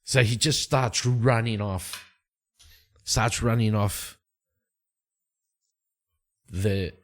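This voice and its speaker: A man's voice: fairly low pitch, drawn-out words, slight background noise. A man narrating a solo tabletop game in a casual, rambling way, with frequent fillers.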